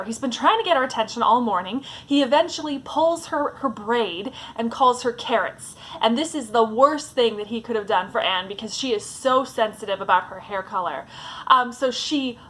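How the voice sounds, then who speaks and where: A woman's voice: a little high, normal speed, fairly bright tone. A woman giving a casual, chatty vlog talk as a book vlogger, with a fond tone and lots of "like"s.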